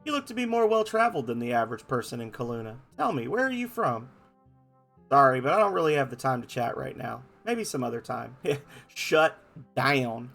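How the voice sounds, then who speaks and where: A man's voice: mid-range voice, very animated, a little fast, vocal fry, a bit bright, soft background music. A man hosting a game playthrough, reading every character's lines aloud in playful voices and joking about his own reading. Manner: reads lines in varied playful voices, self-mocking asides. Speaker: gameplay host reading game dialogue aloud.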